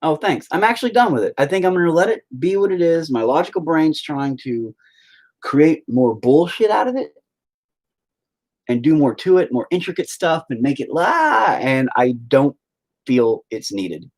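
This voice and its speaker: A young man chats casually on a live stream, crude and joking as he rambles to his viewers. His pitch swoops widely and now and then jumps into loud, high exclamations. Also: very animated, moderate pace. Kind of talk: casual chat.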